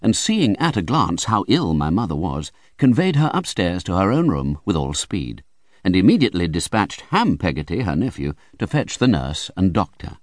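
A man's voice: deep voice, very animated, moderate pace, no room sound. A man narrating a classic novel as an audiobook with vivid, theatrical storytelling. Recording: dry close studio recording.

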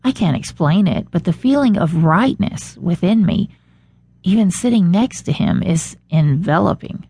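A woman's voice: fairly low pitch, lively intonation, a little slow, dark tone, husky, no echo. A woman narrating a first-person audiobook with an intimate inner-monologue manner, recorded close on a studio mic.

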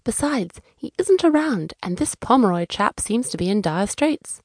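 A woman voicing an eager, excitable young aristocratic male detective, fussy and polite, in a children's audiobook. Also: mid-range voice, normal speed, no echo, studio quality. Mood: excited. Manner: chirpy, fussy and very British-polite.

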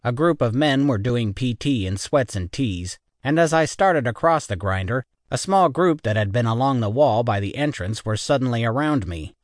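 A man's voice: mid-range voice, lively intonation, normal speed, few pauses, dry recording, studio quality. A man narrating a military science fiction audiobook in the first person, wry and matter-of-fact.

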